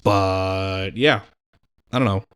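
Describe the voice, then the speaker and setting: A man's voice: low-pitched, takes it slowly, a bit bright, clear, resonant tone. A tired man co-hosting a wrestling podcast, chatting casually in a laid-back way with many fillers. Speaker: podcast co-host. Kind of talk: casual chat.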